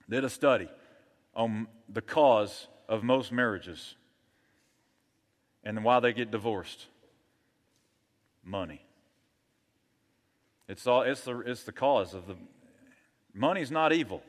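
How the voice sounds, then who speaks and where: A man's voice: mid-range voice, a bit bright, in a large hall. A male pastor preaching a sermon in an emphatic, rallying manner.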